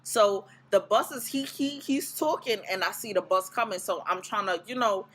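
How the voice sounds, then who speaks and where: A woman's voice: mid-range voice, moderate pace, a little hiss or hum, poor audio. A woman vlogger casually telling a story to camera, blunt and profane, acting out her reactions. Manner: blunt, profane, animated retelling.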